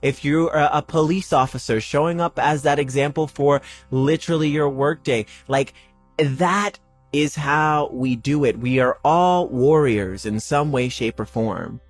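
A man's voice: on the high side, unhurried, soft background music. Emphatic man giving spiritual pep talk. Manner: repetitive, emphatic, swears freely. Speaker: spiritual podcast host.

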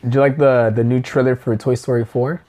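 A man's voice: mid-range voice, little pitch movement, brisk, dark tone. A man talks loosely on his podcast, swearing freely and laughing as he tells his stories. His delivery is casual and unpolished, like he is chatting with a friend across the table. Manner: profane, laughing storyteller. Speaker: podcast host and stand-up comic. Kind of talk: casual chat.

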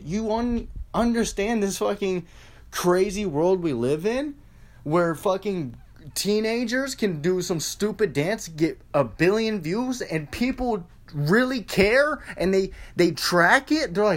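A man's voice: sits high, sing-song, measured pace. A man hosting a solo podcast, ranting in a rambling, profane and sarcastic way. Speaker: podcast host.

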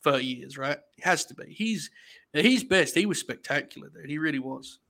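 Male co-host, slightly higher voice, relaxed and opinionated, casual and profane. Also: fairly quick, creaky. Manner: opinionated, laid-back, says "like" and "dude" a lot, swears. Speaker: podcast co-host. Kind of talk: casual wrestling podcast chat.

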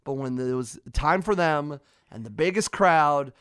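A man's voice: a little high, animated, a little slow, a bit bright, clear, resonant tone, no echo, clean studio sound. A young man with a Midwestern American accent hosting a podcast, telling stories in a loose, rambling way with lots of restarts and fillers. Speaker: podcast host. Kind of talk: casual interview chat.

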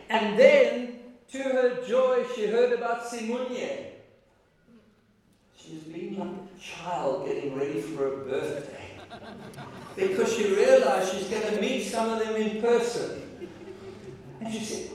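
A man preaching a sermon as pastor, telling stories in a warm, emotional way with halting restarts and repeated words. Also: high voice, animated. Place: large church hall. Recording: echoey hall, voice from far off.

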